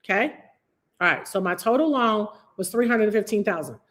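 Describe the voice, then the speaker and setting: A woman's voice: mid-range voice, animated, a little fast, a bit bright. A woman teaching real estate investing on a live stream, emphatic and repetitive, calling on viewers by name. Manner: emphatic, repeats key phrases, addresses viewers by name.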